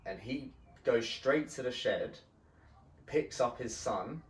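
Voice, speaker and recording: A man hosting a podcast, telling a story in a casual, animated way, swearing often and acting out the people in it. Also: mid-range voice, takes it slowly, roomy sound, recorded from a distance. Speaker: podcast host.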